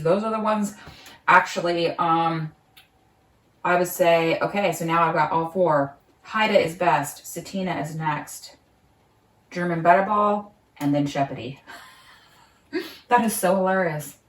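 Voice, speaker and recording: Woman vlogger, casual and chatty, slightly low voice, recorded in a roomy space away from the mic. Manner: chatty, thinks aloud, often laughs, talks while eating. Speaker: market gardener vlogger. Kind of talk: casual home vlog. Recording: roomy sound, mic at a distance.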